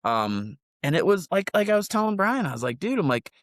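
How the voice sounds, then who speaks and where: Profane, rambling male podcast co-host in his forties, lively pitch, dry close sound. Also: a little fast, dry recording. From United States. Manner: profane, rambling, animated storytelling. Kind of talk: casual storytelling chat.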